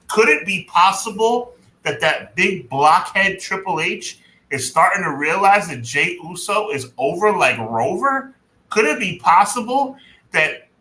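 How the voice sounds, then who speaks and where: A man co-hosting a podcast in casual chat, talking emphatically and dragging words out slowly for effect. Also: high voice, pushed and bright. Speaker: podcast co-host. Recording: echoey room with faint noise.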